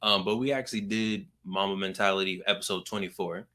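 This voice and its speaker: Male podcast host, young adult, animated storyteller, brassy timbre. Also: low voice, a little fast. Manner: animated storytelling, acts out quoted people. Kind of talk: casual podcast chat.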